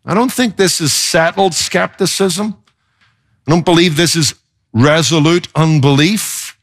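A male pastor delivering a sermon with a slightly raised voice. He is emphatic and expressive, pushing his pitch up and down to drive points home. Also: unhurried.

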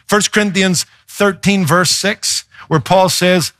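A man's voice: high-pitched, steady tone, slow pace, fairly bright tone, dry recording, clean studio sound. A man, a pastor, preaching a sermon with emphasis, shifting pace and playful asides.

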